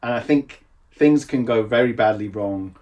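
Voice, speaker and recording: A man's voice: medium pitch, moderate pace. Man from England, casual podcast chat, laughs a lot, trails off, a bit far from the mic. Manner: animated, laughs often, trails off and restarts. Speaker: games designer and podcast co-host. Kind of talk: casual conversation. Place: home room, seen on camera.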